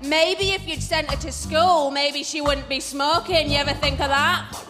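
A woman voicing a sneering working-class neighbor, mocking and scolding in a raised, higher voice. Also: fairly even intonation, moderate pace, in a large hall, over music, natural voice. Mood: jeering. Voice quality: mocking, jeering.

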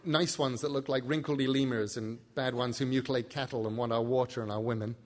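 A jittery, sharp-tongued young woman, read by a man who rambles and piles up emphatic lists. She talks in a quick spill of thoughts and swears when she's scared, in a plain storybook reading. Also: medium pitch, steady tone, a little hiss or hum, lightly acted. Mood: defiant.

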